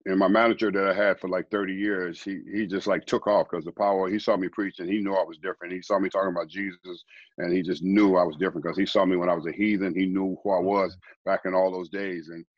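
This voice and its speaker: A middle-aged man, a guest preacher, telling his life story in a rambling, quiet way, often repeating words. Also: low voice, little pitch movement, fast, no room sound, dull audio. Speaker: guest, former baseball player turned preacher. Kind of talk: conversational storytelling.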